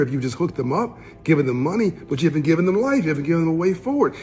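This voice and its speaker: A man's voice: on the high side, big pitch swings, fast talker, hardly any pauses, darkish tone, faint music behind. Earnest man lecturing on money. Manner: earnest, building to emphatic outbursts. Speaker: financial literacy speaker. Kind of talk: commentary on a played clip.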